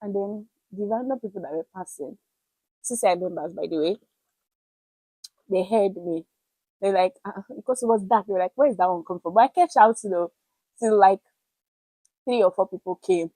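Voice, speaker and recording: Animated young woman. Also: medium pitch, no echo, low-quality recording. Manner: animated, expressive storytelling with dramatic pauses. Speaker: vlogger. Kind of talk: casual storytelling to camera.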